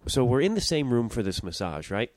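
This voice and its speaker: A man's voice: mid-range voice, very animated, fairly quick, dry recording. A young man hosting his own podcast, telling a story in a rambling, self-interrupting way and swearing casually. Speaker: podcast host.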